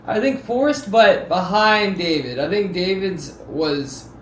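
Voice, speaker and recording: A streamer reacting to videos chats casually on a live stream, telling stories as an animated narrator who breaks into sudden loud exclamations. His voice is fairly high and a little slow. The recording sounds roomy, with faint background noise.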